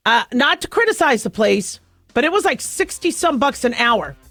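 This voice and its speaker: A middle-aged woman hosting a radio talk show, telling a story in a chatty, self-mocking way and laughing often. Her voice sits high, and the studio sound is close and dry. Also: very animated, normal speed, gravelly, fairly bright tone, no echo, faint music behind. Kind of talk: casual monologue.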